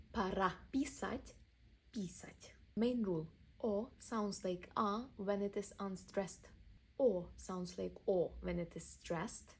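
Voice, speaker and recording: Husky gravelly woman teaching. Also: medium pitch, a little mellow. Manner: clear, instructive, methodical. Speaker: language teacher. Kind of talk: scripted pronunciation lesson.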